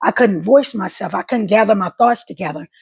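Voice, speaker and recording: A middle-aged woman talking casually to camera about life after a stroke, in halting speech that repeats words, her voice catching and crackling. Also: medium pitch, vocal fry, a little mellow, breathy edge. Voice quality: voice catches and crackles when emotional. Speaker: stroke survivor vlogger.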